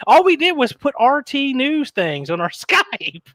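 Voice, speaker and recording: A man's voice: very high-pitched, big pitch swings, a little slow, a bit bright, no room sound. A man telling a story in casual chat, rambling and profane, laughing often and slipping into mimicked voices.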